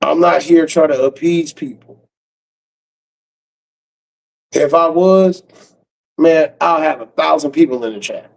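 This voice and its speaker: A man's voice: fairly high pitch, takes it slowly, vocal fry, long pauses, poor audio. A man ranting on his stream in a blunt, harsh way, cursing freely. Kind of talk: profane casual rant.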